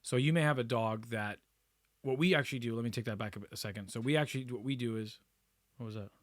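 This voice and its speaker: A man co-hosting a podcast, chatting in a relaxed way and laughing easily. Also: medium pitch, quick pace, dry recording, clean studio sound. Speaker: podcast co-host. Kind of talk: casual spiritual discussion.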